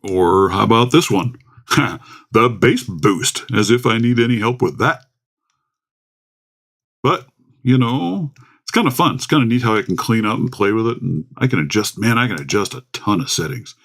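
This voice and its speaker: Gravelly, lively man chatting on a stream. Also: on the low side, moderate pace. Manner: rambling, chatty, greets viewers by name. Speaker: livestream host. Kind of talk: casual livestream chat. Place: home. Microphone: desktop USB microphone.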